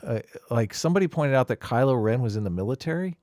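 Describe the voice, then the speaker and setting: A man's voice: medium pitch, animated, fast talker, darkish tone, dry recording. Wry man with a dry close voice. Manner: wry, provocative, chuckling. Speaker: livestream co-host and video maker. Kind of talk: casual chat.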